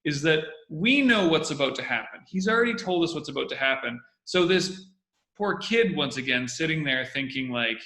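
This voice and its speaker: A man's voice: on the high side, animated, measured pace, sharp tone, reverberant. A man hosting a show that breaks down comedy, talking casually and energetically and repeating his key points. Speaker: host analyzing comedy. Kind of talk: casual video commentary.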